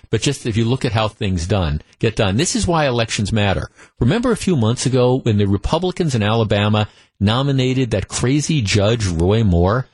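A man's voice: on the low side, breathy edge, no room sound. Chatty male talk radio host. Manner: conversational storytelling with frequent restarts. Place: radio studio. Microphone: studio microphone.

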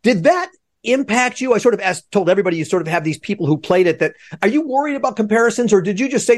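Male podcast host, quick and chatty, slightly high voice, rambling questions over a video call. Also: animated. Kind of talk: video interview.

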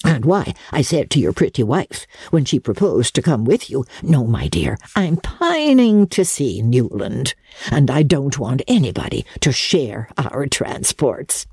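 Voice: medium pitch, very animated, measured pace, creaky, a little mellow, breathy edge, no echo, clean studio sound, heavily acted. A reader voicing a shrewd, domineering old grandmother in an audiobook. The voice rises above the narration and sounds coaxing and archly theatrical. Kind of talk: audiobook character voice.

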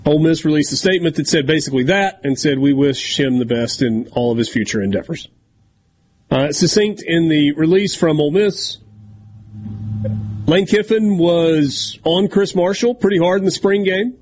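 A man's voice: on the high side, normal speed, darkish tone, slight background noise. A man hosting a sports talk radio show, chatting casually and reading sponsor copy. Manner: talkative, leads the segments.

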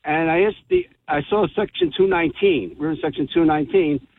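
Heartfelt middle-aged caller over the phone. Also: male voice, a little high, brisk, slight background noise. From New Jersey. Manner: heartfelt, storytelling. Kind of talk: call-in radio talk. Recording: tinny phone line.

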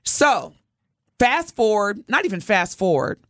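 Middle-aged woman co-host, lively animated delivery, dry close sound, casual storytelling. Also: mid-range voice, a little slow, dry recording. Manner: animated, expressive storyteller addressing listeners directly. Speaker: podcast co-host.

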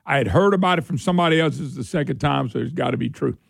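A man hosting an opinionated political talk show, sarcastic and quick to laugh. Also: vocal fry, slightly rough, dry recording, studio quality. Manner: sarcastic, laughs often, voice jumps high when mocking. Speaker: radio talk show host.

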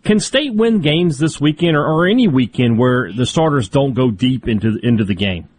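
A man's voice: mid-range voice, animated, normal speed, darkish tone. A man co-hosting a sports radio show, asking questions and dropping dry, understated quips. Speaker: radio co-host. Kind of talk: casual sports radio talk.

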